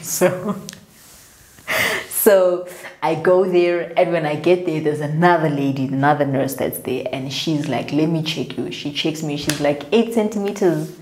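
Chatty and animated, a South African vlogger with a deep, low voice recounts a story and mimics the voices of those she's quoting. Her room has a noticeable echo, and there is slight background noise.

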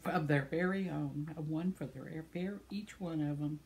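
A woman's voice: low voice, measured pace, a little mellow, a little hiss or hum. An older woman hosting her own channel, casually reading viewer comments aloud in a chatty, tender way, laughing often and stumbling over names. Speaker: channel host.

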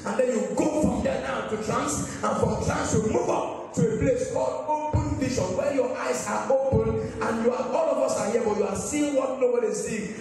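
High-voiced pastor preaching in a hall. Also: male voice. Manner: emphatic preaching with call-and-response and sing-song rises. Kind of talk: sermon. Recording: echoey hall from far off with faint music.

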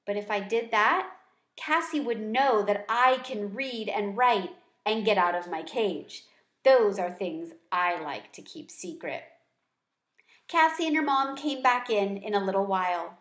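Woman reading a kids book aloud, gentle and expressive, bit of room echo. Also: mid-range voice, unhurried. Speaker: read-aloud storyteller. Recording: echoey room.

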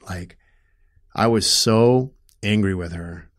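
A middle-aged man telling a painful personal story in an interview, halting and emotional, often restarting his sentences and growing loud when upset. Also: low-pitched, steady tone.

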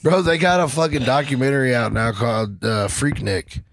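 Gravelly profane podcast guy. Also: mid-range voice, steady tone, normal speed, slight background noise. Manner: loose, profane, laughing. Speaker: podcast co-host. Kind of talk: casual group banter.

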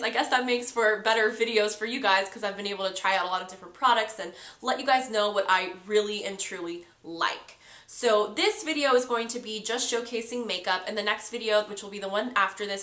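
A woman's voice: mid-range voice, a little fast, few pauses, bright, forceful tone. A woman in her twenties with a stuffy, nasal voice from a cold, chatting casually to her viewers as a beauty vlogger, with lots of fillers. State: congested from a cold. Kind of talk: casual chat to camera. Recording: roomy echo.

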